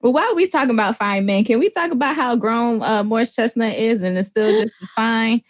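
A woman, co-hosting a casual chat, telling stories with lively energy and frequent laughter. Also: fairly high pitch, fairly quick, no room sound. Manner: animated storytelling, laughs often.

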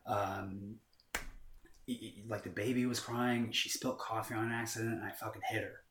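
A man voicing a troubled working man who speaks in a quiet, halting way, swearing as he confesses and apologizes. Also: fairly low pitch, little pitch movement, recorded from a distance, noisy background, lightly acted. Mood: confessing. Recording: roomy echo.

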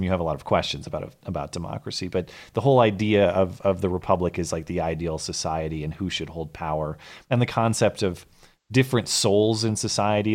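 A young man with a hoarse, fading voice, co-hosting a live call-in podcast and rambling casually through restarts. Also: deep voice. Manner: rambling, self-deprecating, many restarts. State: hoarse, losing his voice. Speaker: podcast co-host.

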